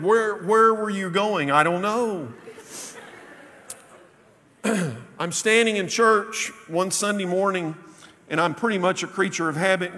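A man preaching a sermon, telling a story and dropping his voice low for quoted lines. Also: a bit bright. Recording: long reverb of a large hall.

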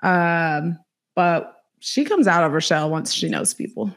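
A woman's voice: lowish voice, animated, unhurried, fairly bright tone. A woman co-hosting a casual podcast chat, laughing easily and teasing her partner. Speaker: podcast co-host.

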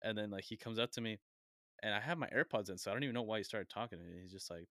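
A man's voice: lowish voice, racing, sharp tone, no room sound, studio quality. A man hosting a podcast, telling stories in a loose, rambling way with many fillers. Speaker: podcast host. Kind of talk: casual podcast chat.

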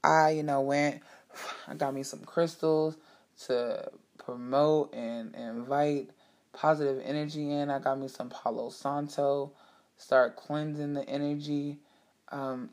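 Gravelly-voiced woman telling a candid story. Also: deep voice. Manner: candid, profane, animated and emphatic; speaks to listeners directly. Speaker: storyteller sharing personal life. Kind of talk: casual personal storytelling.

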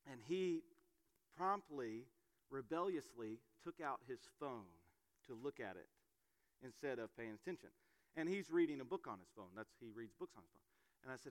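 A middle-aged man preaching a sermon, telling family stories in a relaxed, conversational way with frequent fillers. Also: mid-range voice, a little slow, pauses often. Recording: long hall reverb.

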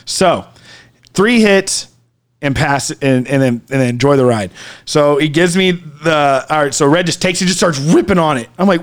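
Male storyteller, a bit high-pitched, casual and animated, breaks into shouts. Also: moderate pace. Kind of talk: casual podcast chat.

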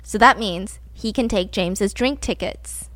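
A woman hosting a podcast, telling a true-crime story in a casual, animated way and laughing as she goes. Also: medium pitch, measured pace, dry recording. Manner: animated, laughs while telling, acts out quotes. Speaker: podcast host.

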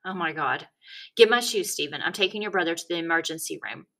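A woman's voice: lowish voice, animated, quick pace, a bit bright. A woman voicing a frantic, overprotective mother questioning her sons in a dramatic way. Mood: alarmed. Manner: dramatic, interrogating.

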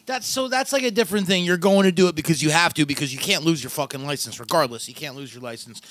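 A man co-hosting a podcast, animated and crude, swearing freely. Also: on the high side, fast, no room sound. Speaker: podcast co-host. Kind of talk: casual podcast banter.

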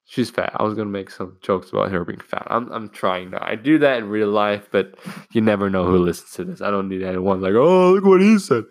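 A man's voice: on the low side, steady tone, fairly quick, no echo. A teenage boy rambling through a school story in a casual, profane way, full of restarts. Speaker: student telling a school story. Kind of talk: casual solo chat.

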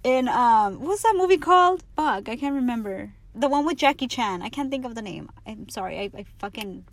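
A woman's voice: fairly high pitch, expressive, fairly quick. A young adult woman hosting her podcast, telling candid stories in a casual, profane way and laughing often. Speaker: podcast host. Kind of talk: casual storytelling monologue.

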